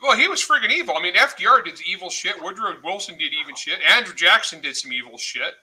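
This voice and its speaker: A man as a podcast guest, telling stories in loose, profane, animated chat. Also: high voice, fast, rough recording. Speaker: guest author.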